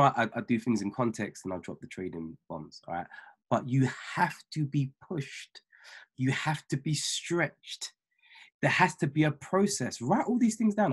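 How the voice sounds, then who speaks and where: A man with a husky, slightly breathy voice preaches over a video call. He speaks emphatically as a minister and mentor, repeating key lines slowly so listeners can take notes. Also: a little high. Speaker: ordained minister and trading mentor. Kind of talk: motivational talk on a weekly call.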